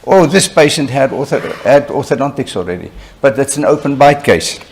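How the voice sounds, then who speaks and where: An older man lectures a room of young colleagues, telling stories in an animated, chatty way. His voice sits at an ordinary middle pitch, and he keeps turning to the audience with quick asides. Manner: conversational, animated storyteller with frequent "you know" asides. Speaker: surgeon lecturing at a conference. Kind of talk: conference lecture with anecdotes.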